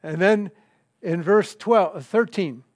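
An older man preaching a sermon, reading scripture and telling a story in a halting, conversational way with fillers and restarts. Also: sits high, a little mellow, no echo, clean studio sound.

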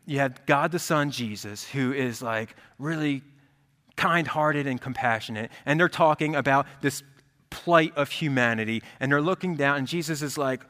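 A man preaching a sermon as pastor, in a conversational, animated style. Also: medium pitch, normal speed. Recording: reverberant hall.

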